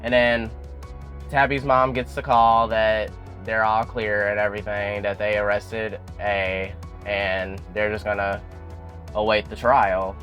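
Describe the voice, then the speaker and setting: A young man with a fairly low voice chats through an episode recap for his channel. He is loose and conversational, leans on fillers and slips into quick impressions of the dialogue. Soft music plays faintly behind him. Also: little pitch movement, highs cut off. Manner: chatty, full of "you know" fillers, acts out quotes. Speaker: YouTube show recapper.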